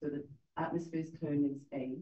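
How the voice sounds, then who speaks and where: Quiet man asking questions in class. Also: on the high side, little pitch movement, moderate pace. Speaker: student. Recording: dull lo-fi recording.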